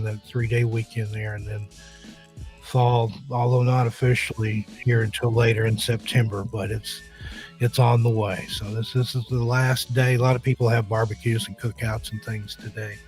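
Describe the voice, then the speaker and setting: A man hosting a casual live-stream chat show, relaxed and greeting viewers one by one. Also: medium pitch, moderate pace, soft background music. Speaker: host.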